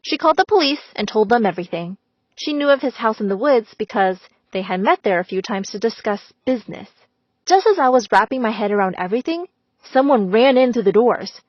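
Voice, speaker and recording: A woman with a fairly high voice narrates a first-person animated story, leaning into the drama. The recording is close and dry, with a slightly dull tone. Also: brisk, no room sound. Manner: dramatic, expressive.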